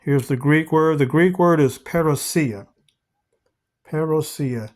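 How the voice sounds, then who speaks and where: Guy teaching bible study, bit higher voice, slow careful verse reading, asks his listeners questions. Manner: asks rhetorical questions, calls listeners family; reads scripture slowly and deliberately.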